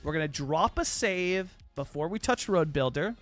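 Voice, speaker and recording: A man's voice: on the high side, expressive, normal speed, a bit bright, faint music behind. A young Canadian man from British Columbia, chatting casually and rambling on a live game stream, full of fillers as he answers viewers. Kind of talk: casual live-stream chat while playing a city-building game.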